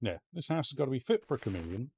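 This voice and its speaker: A man's voice: mid-range voice, big pitch swings, very fast, darkish tone, slight background noise. A man with an Ulster Scots accent giving casual let's-play commentary, chatty and muttering to himself, now and then swearing. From Northern Ireland. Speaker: game streamer.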